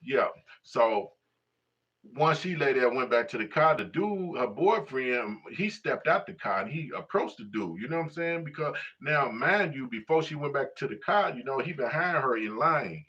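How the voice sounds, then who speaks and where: A man's voice: medium pitch, animated, normal speed, fairly bright tone. A man hosting a casual livestream, talking in a profane, rambling way full of fillers and asides to viewers. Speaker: livestream host. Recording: distant lo-fi livestream audio.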